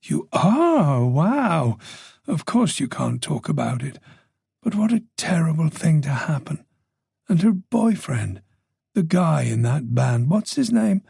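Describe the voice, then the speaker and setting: Guy doing a nosy older irish lady, faint dublin lilt, chatty, husky gravelly edge. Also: a little high, big pitch swings, darkish tone, no echo, studio quality, exaggerated voice. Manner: gossipy, teasing, talks on quickly. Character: chatty, observant older woman neighbour.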